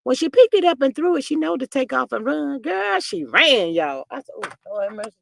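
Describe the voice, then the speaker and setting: Animated woman gossiping on stream. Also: high-pitched, normal speed, creaky, slight background noise. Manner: animated, folksy storytelling, reading chat aloud. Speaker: livestream host. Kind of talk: casual gossip livestream.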